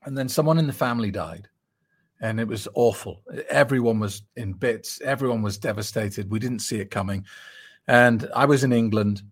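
A middle-aged man coaching people on quitting drinking answers a listener's email with earnest, emphatic advice, speaking conversationally and repeating himself. His voice is mid-range with a breathy edge.

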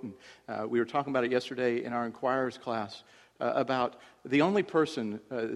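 A male pastor preaching a sermon in a church, swinging from hushed lines to loud cries. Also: mid-range voice, big-room sound.

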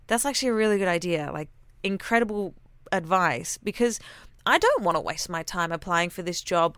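A woman's voice: mid-range voice, fairly bright tone, no room sound. An Australian woman and radio announcer telling a personal story in a chatty, candid monologue full of casual slang.

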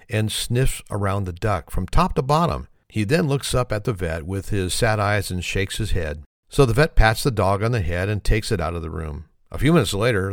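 A self-deprecating joke teller with a fairly low male voice runs through corny one-liners and a long shaggy-dog joke, laughing at his own punchlines and apologizing for them. The recording is studio quality with no room sound.

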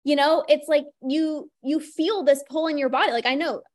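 This young podcast host's voice sits high, with fairly even intonation and a moderate pace. Talking casually on her own show, she leans on "like" frequently and acts out little inner voices.

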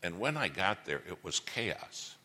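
A deep-voiced middle-aged man preaches in an auditorium, his voice bright and swinging widely in pitch. He tells folksy, humorous stories and keeps asking the crowd questions. The hall gives his words a long reverb. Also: sing-song, a little slow. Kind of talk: sermon with storytelling.

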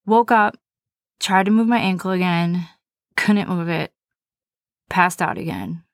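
A woman's voice: on the low side, a little slow, gravelly, no echo, studio quality. Candid woman telling her own story. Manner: candid, conversational, self-deprecating. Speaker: podcast host. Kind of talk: personal storytelling monologue.

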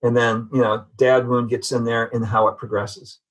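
A man's voice: mid-range voice, level tone, moderate pace, rough recording. A man giving an earnest, reflective personal testimony as a guest in a conversation. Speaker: podcast guest.

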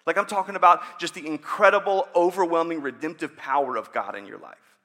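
A man's voice: fairly high pitch, a little fast, bright, forceful tone. A man in his thirties preaching a sermon in a conversational, joking way, acting out prayers. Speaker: pastor.

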